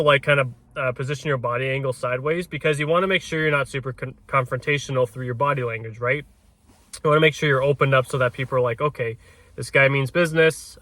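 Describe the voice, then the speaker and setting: Pushed and bright, a man's medium-pitched voice comes through with no echo. He's a realtor giving casual coaching on door knocking, restarting his words and tagging sentences with "right?"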